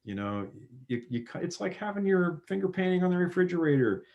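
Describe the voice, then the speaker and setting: A man talking as a guest on a podcast, expressive and acting out what others say. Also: sits high, fairly quick, lo-fi sound. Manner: expressive, acting out quoted speech. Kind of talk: casual conversation.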